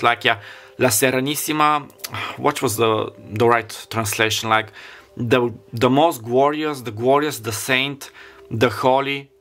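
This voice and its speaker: A man's voice: medium pitch, a bit bright, a little hiss or hum. A man giving a casual tarot reading, rambling and free-associating as he lays out the cards. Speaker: tarot reader.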